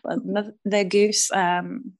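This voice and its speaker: A woman's voice: mid-range voice, flat delivery, slow, gravelly. A woman guest chatting casually on a podcast, giddy and rambling, swearing now and then. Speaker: guest author on divination.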